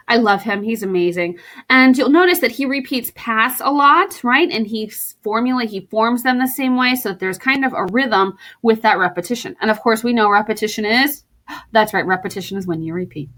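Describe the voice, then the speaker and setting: A woman teacher giving a recorded lesson to her students, playful and warm, reading poems aloud and explaining them. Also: fairly high pitch, a little fast.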